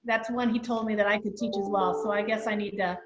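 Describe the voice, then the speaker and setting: A woman's voice: medium pitch, fairly even intonation, quick pace. A woman co-hosting an interview, chatting in a rambling, friendly way. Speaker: podcast co-host. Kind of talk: casual interview chat. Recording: echoey room, muffled call audio.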